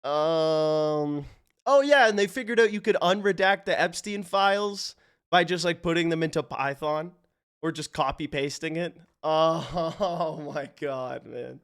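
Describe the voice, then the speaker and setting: High-voiced man chatting with stream viewers. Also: a little slow, clean tone. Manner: animated, chatty storytelling with casual swearing. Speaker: livestreamer. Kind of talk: casual chat with stream viewers.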